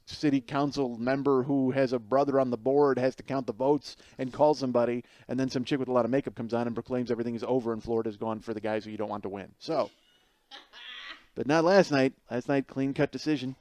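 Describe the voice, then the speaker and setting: A middle-aged man hosting a podcast, telling a comedic story in an animated way, swearing freely and laughing through the punchlines. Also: medium pitch, quick pace, dry recording. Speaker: podcast host.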